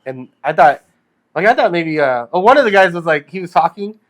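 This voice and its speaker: A man's voice: on the high side, very animated, a little fast. A man in his forties co-hosting a podcast, chatting in an easygoing way, with many fillers and casual swearing. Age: 40s. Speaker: podcast co-host. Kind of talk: casual chat.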